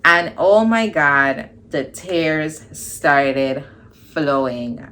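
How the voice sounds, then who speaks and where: A woman's voice: low-pitched, drawn-out words. A young woman vlogger telling a personal story in a casual storytime style, acting out the dialogue. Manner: animated storytelling, acts out quoted dialogue.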